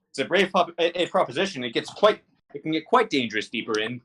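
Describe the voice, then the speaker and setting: A man running a tabletop game and answering in character, halting often with fillers and restarts. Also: fairly high pitch, big pitch swings, fairly bright tone, slight background noise. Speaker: game master.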